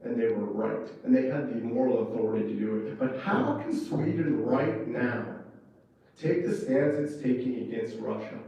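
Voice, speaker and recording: A man delivers a fired-up conference speech, pressing each point with fervent emphasis. His voice is mellow and dark. He is heard from a distance across a strongly echoing hall. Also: mid-range voice, normal speed, vocal fry. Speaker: conference speaker, former ambassador. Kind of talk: impassioned public speech. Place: conference room. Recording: echoey hall from far off.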